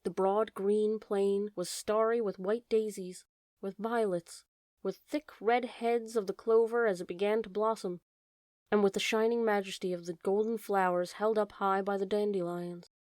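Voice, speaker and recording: Woman narrator, storybook audiobook, gentle measured reading, dry close sound, mid pitch. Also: steady tone, no echo.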